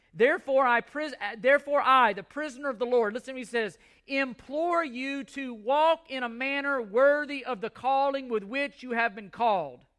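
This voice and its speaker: A man's voice: very high voice, fairly bright tone. A man preaching a sermon, emphatic, repeating phrases and reading scripture aloud. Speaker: pastor.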